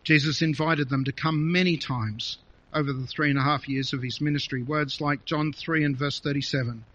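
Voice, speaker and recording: Bright-voiced preacher, lo-fi recording. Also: male voice, on the high side, normal speed, no room sound. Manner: expressive, reading scripture aloud with feeling. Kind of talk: sermon. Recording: dull lo-fi recording.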